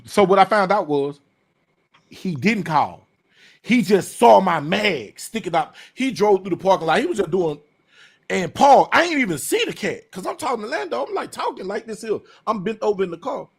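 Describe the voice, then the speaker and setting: Podcast host, male, slightly high-pitched, loose and animated storyteller voicing everyone in his story. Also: moderate pace, gravelly, husky. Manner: animated, acts out quoted dialogue, loose slangy delivery. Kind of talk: casual storytelling chat.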